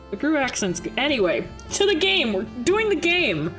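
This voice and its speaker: A woman's voice: fairly high pitch, big pitch swings, unhurried, fairly bright tone. Woman, game streamer, chatty, reads narration aloud, faint music behind. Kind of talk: casual game stream chat and reading aloud.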